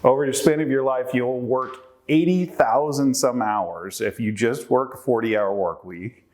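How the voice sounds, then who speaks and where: A man's voice: mid-range voice, normal speed, darkish tone. A man presenting a workshop to a live group, quizzing the audience and working through numbers aloud.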